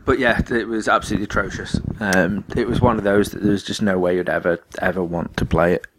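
A man's voice: low-pitched, steady tone, fast talker, background noise. Giggly man, podcast co-host. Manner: giggly, rambling, enthusiastic. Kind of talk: casual chat.

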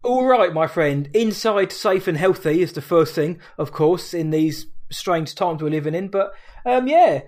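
High-voiced British man, upbeat chat. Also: lively intonation, a little slow, few pauses, a little mellow. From United Kingdom. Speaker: podcast co-host. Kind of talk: casual chat.

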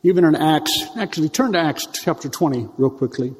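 A man with a fairly high voice delivers a sermon in a church, with teasing asides to the congregation. He slows down and draws out words for emphasis. His voice rings out with a long reverb from the hall. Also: expressive. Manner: conversational preaching with teasing asides and drawn-out emphasis. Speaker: pastor.

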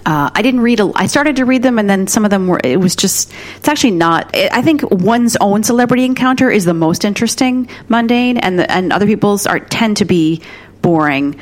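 A woman's voice: medium pitch, lively intonation, brisk. A woman co-hosting a podcast in casual chat, wry and profane, rambling with fillers. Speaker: podcast co-host.

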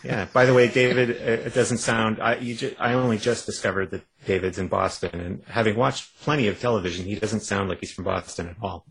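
A man's voice: lowish voice, fairly quick, gravelly, few pauses, a bit bright, slightly rough. A man from Canada, a guest author in a casual interview on a phone line, telling his story in a wry, self-mocking way with lots of restarts.

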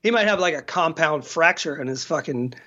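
A man's voice: fairly high pitch, expressive, fairly quick, bright, forceful tone, dull audio. A man co-hosting a podcast in casual chat, rambling, swearing and laughing often. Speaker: podcast co-host.

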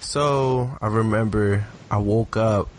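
A man's voice: on the low side, takes it slowly, a little hiss or hum. A man chatting casually on a podcast, telling stories in a loose, slangy way and laughing often. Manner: animated storyteller, laughs often; slangy, relaxed. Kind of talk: casual chat.

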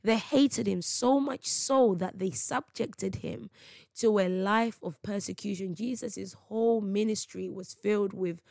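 A woman hosts her faith podcast, speaking with emphasis and street slang. Her voice has a gravelly edge. The sound is dry and close, with no room around it. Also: mid-range voice, measured pace, darkish tone, no room sound. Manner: emphatic, preachy, slangy storytelling. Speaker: podcast host.

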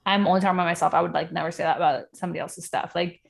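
A woman's voice: fairly low pitch, steady tone, racing, creaky. A woman from Puerto Rico co-hosting a casual podcast chat, talking in a chatty way full of fillers and asides. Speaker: podcast co-host. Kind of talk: casual chat about reality TV.

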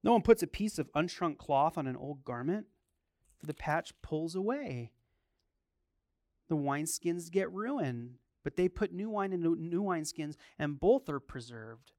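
A middle-aged man, a pastor, preaching a sermon in an animated, emphatic way, mixing chatty restarts with rising bursts of force. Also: on the high side, a little slow, no echo, studio quality.

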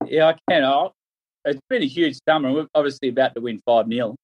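Man, Australian accent, mid-pitched, casual storyteller, podcast guest. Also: brisk, highs cut off, noisy background. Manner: anecdotal storyteller. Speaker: former cricketer guest.

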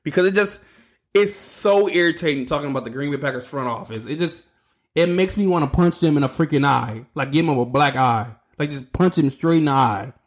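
A man with a fairly high, brisk voice hosts his own sports podcast alone. He rants heatedly, swearing and tripping over his words.

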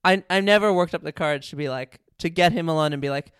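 A man's voice: on the high side, fast talker, fairly bright tone, clean tone, no echo, clean studio sound. A young man co-hosting a casual chat, playful and teasing, laughing often. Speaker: podcast co-host.

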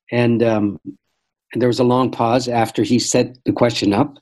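An older man speaks as an interview guest in a warm, mellow voice at a mid pitch. He tells stories reflectively and measuredly, often restarting his sentences. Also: flat delivery, rough recording. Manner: thoughtful, measured, frequent restarts. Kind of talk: reflective storytelling conversation.

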